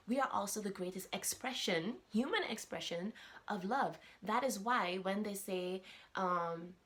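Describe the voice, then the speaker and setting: A woman hosting a podcast, chatting casually and animatedly while talking straight to her listeners on camera. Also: medium pitch. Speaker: podcast host. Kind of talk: casual chat. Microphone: camera with audio.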